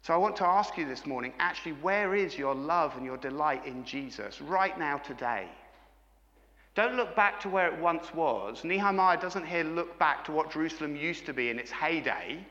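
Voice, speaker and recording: A man's voice: on the high side, lively intonation, moderate pace, pushed and bright, in a large hall, lo-fi sound. A middle-aged man preaching a sermon, engaging his congregation with frequent questions. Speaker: pastor.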